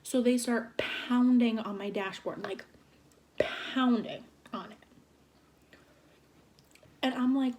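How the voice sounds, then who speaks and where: A young woman in her twenties telling a storytime vlog in an animated, exasperated way. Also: fairly high pitch, slow pace, pauses often, slight background noise. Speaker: vlogger. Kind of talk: storytime vlog while eating.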